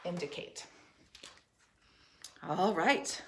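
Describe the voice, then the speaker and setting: A woman teacher leading a third grade spelling dictation, speaking slowly and sounding out each syllable and letter with care. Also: on the low side, lively intonation, background noise. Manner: slow, clearly enunciated, sounding out letters and syllables. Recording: roomy echo.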